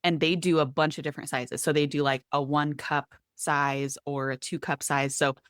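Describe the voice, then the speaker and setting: A woman with a notably low voice co-hosts a relaxed podcast conversation. She explains things step by step in a chatty, self-deprecating way. The sound is close and dry, with no room around it. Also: normal speed, clean tone, no echo. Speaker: podcast co-host. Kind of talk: casual podcast chat.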